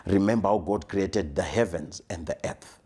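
Male preacher, deep and husky, emphatic repetitive sermon delivery with whispered stresses. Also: moderate pace, warm tone.

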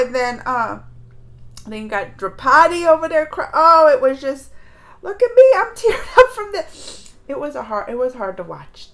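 A woman with a high voice talks through a reaction video in a loose, rambling way. She sounds emotional and chatty, like a mother sharing her feelings with viewers. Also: a bit bright. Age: adult mother. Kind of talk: casual reaction vlog chat.

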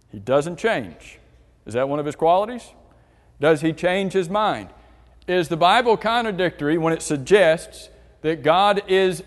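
Scripture readings and questions for the group come from a high-pitched man leading a church Bible class. His voice echoes with a long reverb throughout a large hall.

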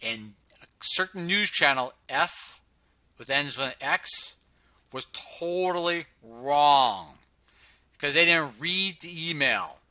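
Man, very sharp bright voice, dry close sound, sarcastic, casual data walkthrough. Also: fairly high pitch, expressive, a little slow, no echo. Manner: sarcastic, hums filler sounds while scrolling. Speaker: presenter reviewing health data on screen. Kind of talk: casual screen-share commentary.

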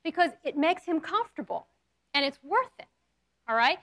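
Woman, talk show host, high pitch, animated, playful, addressing a studio audience. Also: moderate pace. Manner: animated, coaching, playful role-play demos.

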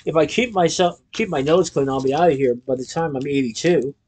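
Guy doing a snarky orphan girl in a storybook, a bit high, dry and jaded. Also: a little fast, a little mellow, natural voice. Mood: wry. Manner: wry, world-weary quips. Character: sharp-tongued cynical orphan girl.

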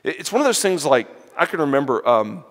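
A man's voice: a little high, fairly quick. Man preaching in a reverberant hall. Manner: animated, acts out the parable's characters in quoted voices; frequent fillers and restarts. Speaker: lecturer. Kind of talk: sermon-style lecture on a parable.

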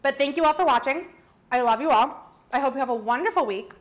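A woman's voice: high voice, fast talker. A young woman hosting a live cooking stream, chatting casually and teasing her partner with frequent laughs. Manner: playful, laughs often, teasing. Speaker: cooking show host.

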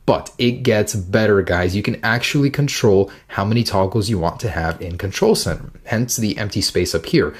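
Upbeat lowish-voiced man demoing tech. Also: normal speed, few pauses, husky. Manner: upbeat, chatty, enthusiastic. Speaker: tech reviewer. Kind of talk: casual demo walkthrough.

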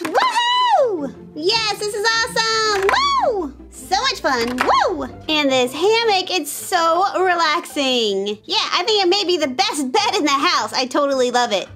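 A woman's voice: very high voice, pitched above the performer's own voice. A woman doing giddy cartoon kids. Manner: giddy, exclaiming.

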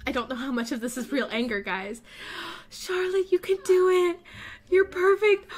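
High-voiced, gushing woman gamer. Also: normal speed. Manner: gushing, excitable, gasping often. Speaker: let's play host. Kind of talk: casual gameplay commentary.

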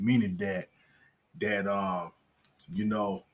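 A man in a casual Bible discussion with his wife, speaking haltingly with many fillers. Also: deep voice, fairly bright tone, slightly rough. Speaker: co-host, husband.

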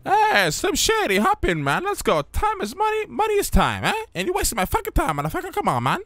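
Brief: crude flirting cabbie, very high and fast, dry close mic. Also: male voice, wildly swooping pitch, a bit bright, dry recording, heavily acted. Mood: irritated. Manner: crude, swears constantly, tags lines with "man" and "hmm?". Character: brash foul-mouthed male taxi driver, pushy flirt. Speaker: streamer playing a taxi driver. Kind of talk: improvised role-play.

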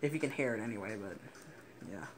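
A teenage boy giving excitable gaming commentary, swearing and laughing often. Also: lowish voice, fast talker, background noise. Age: teens. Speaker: gaming YouTuber. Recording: game music playing behind the voice.

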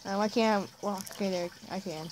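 A woman's voice: medium pitch, moderate pace, background noise. A young woman giving chatty, self-mocking commentary while playing a video game. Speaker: gamer. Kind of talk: casual let's-play commentary.

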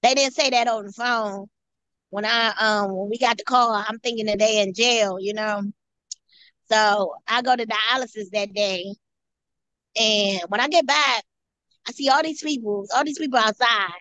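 A woman guest tells her own story in an earnest, halting way, looping back over phrases as she goes. Her voice sits a little high, and the recording is dry with no room sound. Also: steady tone, sharp tone, no echo. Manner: halting, repeats and restarts phrases. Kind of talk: personal testimony.

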